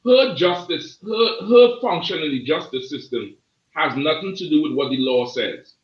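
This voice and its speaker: A man's voice: fairly high pitch, lively intonation, normal speed, recorded from a distance. A man hosting a casual panel discussion, talking in an emphatic, preacherly way. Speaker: host. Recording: dull, roomy sound from off mic.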